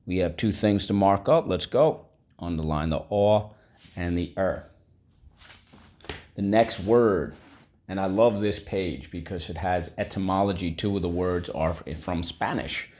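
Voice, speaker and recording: A man's voice: low-pitched, measured pace, a little mellow. A male teacher giving a vocabulary lesson to children, prompting the class to repeat words and praising their answers. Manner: call-and-response prompting, upbeat encouraging. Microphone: recorded video lesson.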